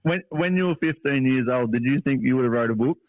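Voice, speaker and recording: A man's voice: mid-range voice, quick pace, no echo. An Australian man co-hosting a podcast, who laughs often and swears casually as he tells stories. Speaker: podcast co-host. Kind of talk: casual chat. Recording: dry, tinny phone-like sound.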